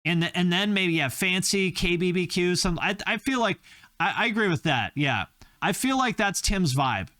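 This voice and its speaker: A man's voice: high voice, lively intonation, normal speed, bright, forceful tone, no room sound. Joking man with dry close sound. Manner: rambling, joking, with filler-heavy tangents. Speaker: YouTube host. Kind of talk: comedic casual commentary.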